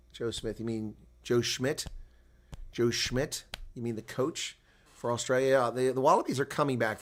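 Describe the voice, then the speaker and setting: A man giving live rugby play-by-play, shouting on big plays and chatting casually with viewers in between. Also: mid-range voice. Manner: reads viewer chat aloud. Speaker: play-by-play commentator. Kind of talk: live sports commentary.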